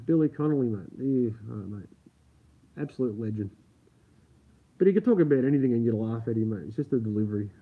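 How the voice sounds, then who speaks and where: A man's voice: medium pitch, lively intonation, quick pace, pauses often, husky. Australian man on a tinny live stream. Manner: chatty, swears freely, laughs often; keeps his voice down. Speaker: livestream host. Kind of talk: casual live-stream chat with viewers. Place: home at night. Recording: tinny phone-like sound.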